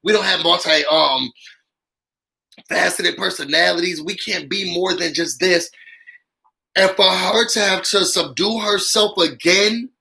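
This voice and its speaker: With vocal fry and a voice that sits high, this YouTube host speaks at an unhurried pace in a rough recording. He runs casual live-stream commentary with call-ins, addressing viewers animatedly and filling his talk with "um" and "y'all."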